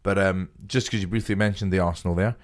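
Low-voiced man, swearing, self-mocking. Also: steady tone. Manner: self-mocking, heavy swearing, slow drawl. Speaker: podcast co-host. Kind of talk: casual chat.

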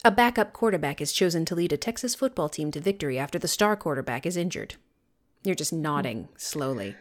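Lively, sarcastic woman co-host. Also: low voice, a little fast. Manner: sarcastic, jokey, self-mocking. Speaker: podcast co-host. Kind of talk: casual chat.

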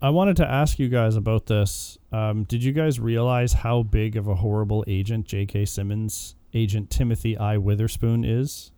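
A man's voice: fairly low pitch, moderate pace, few pauses, clear, resonant tone, dry recording. A man in a casual movie discussion with friends, retelling scenes and acting out the characters' lines. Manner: animated, acts out characters' lines.

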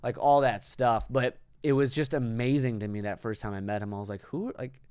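A man's voice: medium pitch, steady tone, brisk, darkish tone, clean tone, no echo. A man hosting a casual podcast chat who talks bluntly and gets to the point, with some swearing.

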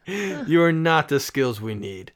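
A man's voice: a little high, big pitch swings, slow, fairly bright tone, full character voice. A man putting on a Russian accent, voicing a boastful immigrant man who speaks broken, grandiose English. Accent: put-on Russian.

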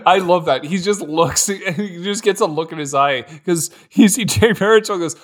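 A man's voice: sits high, moderate pace. A man co-hosting a podcast, gushing about a movie in casual chat and laughing often between words. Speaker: podcast co-host.

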